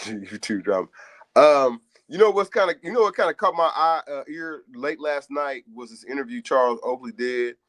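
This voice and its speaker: A man's voice: mid-range voice, expressive, normal speed, fairly bright tone, no echo. A man co-hosting a sports radio show, chatting casually in a slangy, rambling way. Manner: laid-back, slangy, rambling delivery.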